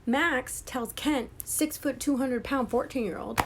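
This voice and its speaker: A woman's voice: high voice, measured pace, noisy background. A young woman casually retelling a horror novel's plot, slipping into whispers and acting out the characters' lines with lots of swearing. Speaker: book vlogger.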